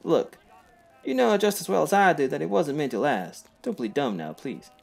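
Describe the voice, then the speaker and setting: A nervous, guilt-ridden married businessman with a Southern US drawl, as a man puts him on. He stammers and apologizes, and his voice is husky and gravelly. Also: on the high side, wildly swooping pitch, moderate pace, faint music behind, full character voice. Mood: uneasy. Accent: put-on Southern US.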